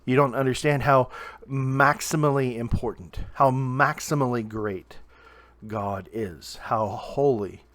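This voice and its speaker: A young man from Southern Ohio giving a short video sermon to camera, earnest and emphatic, slowing down and pausing to stress key words. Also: mid-range voice, a bit bright, no room sound. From Southern Ohio, USA. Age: young adult. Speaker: preacher.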